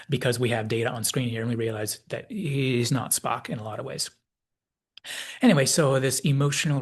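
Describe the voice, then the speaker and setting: Husky man hosting a rambling, reflective episode analysis; mid pitch. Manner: thoughtful, digressive, with many hedges. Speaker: channel host, commentator.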